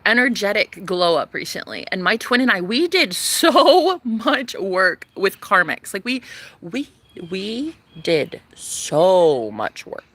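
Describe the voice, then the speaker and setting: A young woman talking to camera in a casual vlog, sassy, profane and dramatic, swinging between loud outbursts and hushed asides. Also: fairly low pitch, gravelly. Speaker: vlogger.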